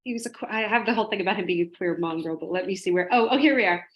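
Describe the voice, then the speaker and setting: A woman discussing a classic novel in casual talk, quick and analytical, laughing easily. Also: medium pitch, dull audio.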